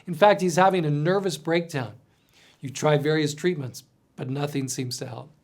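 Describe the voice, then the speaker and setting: A man narrating a scripted story in the second person, earnest and gently dramatic, often dropping to a soft voice. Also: on the high side, steady tone, moderate pace. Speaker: mission storyteller.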